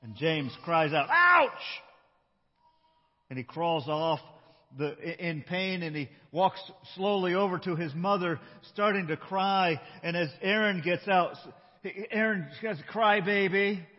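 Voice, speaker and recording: Husky-voiced man preaching in an echoey hall. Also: fairly high pitch, lo-fi sound. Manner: conversational, slows for emphasis. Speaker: pastor. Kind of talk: sermon with a storytelling opening.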